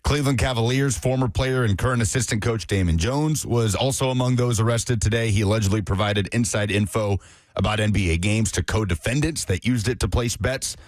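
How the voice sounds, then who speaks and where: A man co-hosting a sports talk radio show, animated and bantering. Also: lowish voice, brisk, dry recording, clean studio sound.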